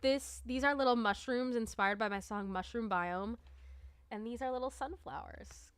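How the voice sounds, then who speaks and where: A woman's voice: a little high, normal speed, clean tone, no room sound. A woman chatting casually on a livestream, rambling and peppering her talk with "like.". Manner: rambling, chatty, many "like" fillers. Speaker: livestreamer and musician.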